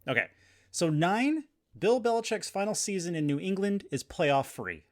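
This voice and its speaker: A man's voice: high voice, sing-song, moderate pace. A man co-hosting a casual sports podcast, talking hesitantly with restarts and easy laughs. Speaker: podcast co-host.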